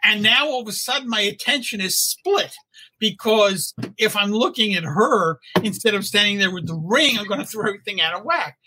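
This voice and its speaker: An older man telling a lively anecdote in casual chat, laughing and acting out quotes as he goes. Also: high voice, fairly quick, slightly rough, low-quality recording. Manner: animated, laughing storyteller who acts out quotes. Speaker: storyteller guest.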